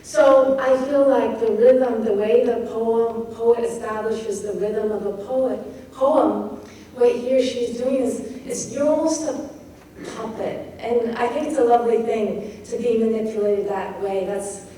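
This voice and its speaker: A woman poet giving a craft talk on rhythm, thoughtful and demonstrative, reading verse slowly and expressively. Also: fairly high pitch, fairly even intonation, mellow. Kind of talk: lecture on poetic rhythm. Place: lecture hall at a poetry festival. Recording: echoey hall taped from far off with faint hiss.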